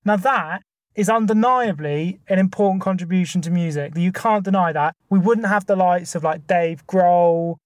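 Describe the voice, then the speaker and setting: A man's voice: sits high, normal speed, dry recording, clean studio sound. Chatty man arguing his points. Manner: enthusiastic, argues point by point with many fillers. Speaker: podcast co-host. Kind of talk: casual chat.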